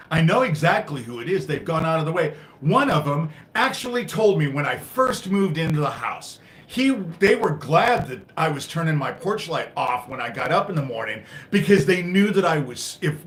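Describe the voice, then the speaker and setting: Hosting a live stream, a man rants in frustration and profanity, alternating loud outbursts with low muttering. The recording has a roomy sound.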